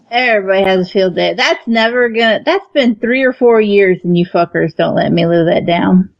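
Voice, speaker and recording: A woman's voice: medium pitch, expressive, normal speed, vocal fry, dry recording, lo-fi sound. A woman with a Southern accent, co-hosting a gaming podcast, self-mocking and laughing often. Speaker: podcast co-host. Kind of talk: casual podcast chat.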